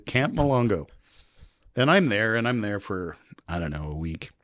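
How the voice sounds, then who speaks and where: A man, a podcast guest, telling animated, rambling stories in casual chat. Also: on the low side, a little slow, no echo, clean studio sound. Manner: rambling, animated anecdotes with quoted voices. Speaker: podcast guest, local publisher.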